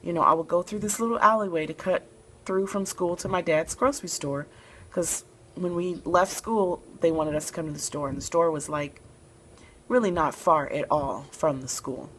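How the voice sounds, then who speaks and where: Low-voiced soft-spoken woman storyteller. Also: normal speed, slight background noise, poor audio. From Memphis, Tennessee, USA. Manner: soft-spoken, relaxed, with frequent fillers. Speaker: vlogger telling a personal story. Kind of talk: casual storytelling to camera.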